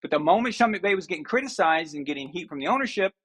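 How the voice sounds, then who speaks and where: High-voiced man ranting about football. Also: animated, fast talker, a bit bright, slightly rough. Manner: ranting, sarcastic, mocking impressions. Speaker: show host. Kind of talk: opinionated sports talk.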